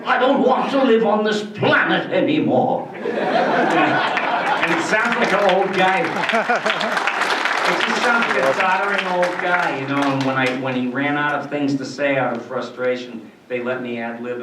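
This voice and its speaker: A man's voice: medium pitch, noisy background. Rambling man in his sixties at a panel. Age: 60s. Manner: rambling, animated storytelling. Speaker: voice actor panel guest. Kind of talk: convention panel Q&A. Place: convention panel room. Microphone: filmed from the audience. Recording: distant, roomy, muffled hall recording.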